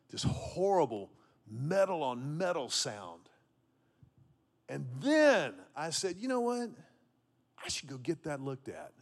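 Fifties male pastor from Texas, slightly high voice, storytelling sermon with repeated punchlines. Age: 50s. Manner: storytelling preacher, repeats key phrases for emphasis. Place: church auditorium with congregation.

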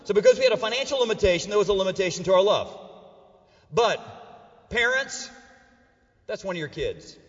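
A middle-aged man preaching to a church crowd, his voice pitched high for a man and full of playful banter. He swings from loud, joking calls to hushed, earnest lines. The sound is dull and carries a long echo from the big hall. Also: wildly swooping pitch, a little fast, long pauses. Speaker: pastor. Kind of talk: sermon. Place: church auditorium with a live audience.

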